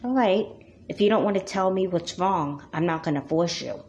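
A woman's voice: fairly low pitch, moderate pace, a little mellow, lo-fi sound, slight background noise, lightly acted. A woman voicing a firm, caring mom. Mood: patient. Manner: firm and concerned. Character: caring, worried mother of two girls. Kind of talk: doll movie voice acting.

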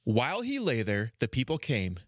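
A man narrating a fairy tale for a children's podcast, measured and expressive. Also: medium pitch, no room sound, studio quality. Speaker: storyteller. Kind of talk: storybook narration.

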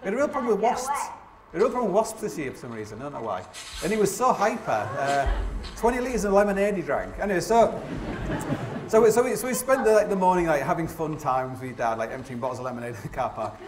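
A man's voice: high-pitched, big pitch swings, fast talker, slight background noise. A man in his forties, a mountaineer giving a live storytelling talk on a theatre stage. He rambles and mocks himself, leaning on fillers and restarts. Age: 40s. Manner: rambling, self-deprecating, heavy with fillers. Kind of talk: live comic storytelling to an audience. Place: opera house stage. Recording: echoey theatre.

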